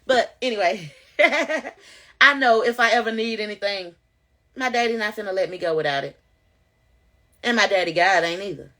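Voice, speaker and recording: Woman, casual testimony to camera, animated and preachy, bright tone. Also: medium pitch, fairly quick. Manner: animated, preachy, addresses viewers directly. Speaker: vlogger sharing testimony.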